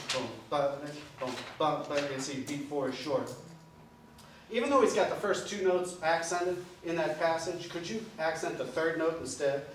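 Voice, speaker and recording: A man's voice: on the high side, slight background noise. Older man coaching a jazz band. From New Orleans, USA. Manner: scats rhythms aloud, coaching with humor. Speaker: band clinician. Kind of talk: jazz band clinic instruction. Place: school band room. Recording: echoey room from far off.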